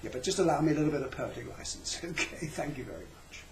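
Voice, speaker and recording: A man's voice: on the high side, expressive, fast, reverberant, background noise. A man giving a rambling, comic lecture, chatty and full of self-interruptions.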